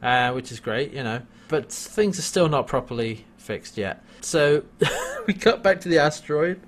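A man co-hosting a casual show, recapping a TV episode with frequent laughs and quick acted-out character lines. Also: mid-range voice, expressive. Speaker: podcast co-host.

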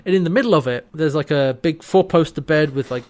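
Casual male co-host, slightly high voice, chatty and quick to laugh. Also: darkish tone. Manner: chatty, laughs often, acts out quotes. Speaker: podcast co-host. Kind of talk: casual chat recapping a TV episode.

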